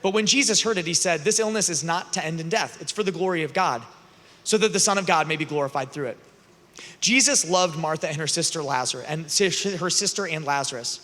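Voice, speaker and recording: Bright-voiced man preaching in a big hall. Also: a little high, a little fast. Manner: animated, joking, acts out characters. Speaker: youth conference speaker. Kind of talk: humorous preaching and scripture storytelling. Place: large conference hall. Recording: long reverb of a large venue.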